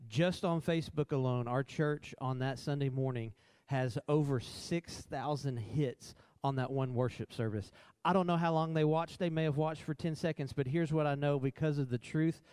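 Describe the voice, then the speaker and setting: A man's voice: on the high side, normal speed, darkish tone, smooth, no echo. A man co-hosting a church talk in a worship center, upbeat and affirming with a preacherly style.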